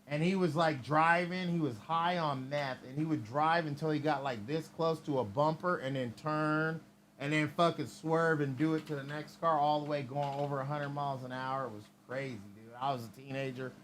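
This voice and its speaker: A man's voice: fairly high pitch, fairly even intonation, moderate pace, fairly bright tone, a little hiss or hum. Profane man rambling through a story. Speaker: livestream host. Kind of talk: casual storytelling.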